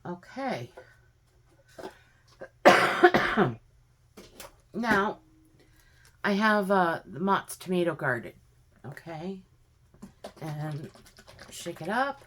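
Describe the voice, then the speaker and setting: A woman's voice: fairly low pitch, sing-song, takes it slowly, pauses often, fairly bright tone, slight background noise. A woman at home in her kitchen, giving a chatty, homey step-by-step cooking demonstration with plenty of fillers. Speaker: home cook vlogger.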